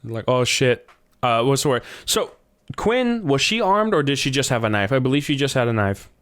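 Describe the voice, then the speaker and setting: A man hosting a podcast, chatting casually about movies, animated and quick to swear. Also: mid-range voice, smooth. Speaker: podcast host.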